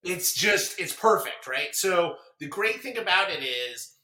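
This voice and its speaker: A man's voice: high-pitched, lively intonation, unhurried, sharp tone. A middle-aged man, a guest on a sports podcast, talking casually and emphatically with lots of fillers. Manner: emphatic, filler-heavy, impassioned. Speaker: guest alum. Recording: roomy echo.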